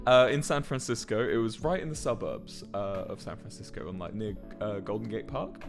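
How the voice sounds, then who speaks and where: A man's voice: lowish voice, normal speed, over music. A man in his twenties tells a rambling story casually on a livestream and swears often. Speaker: musician and streamer.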